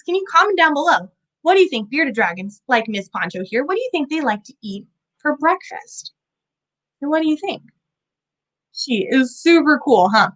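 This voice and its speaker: A woman's voice: high-pitched, fairly bright tone, low-quality recording. A woman teaching children about animals in a bubbly, sing-song way, often asking them questions. She is indoors at an animal center. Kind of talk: kids' lesson.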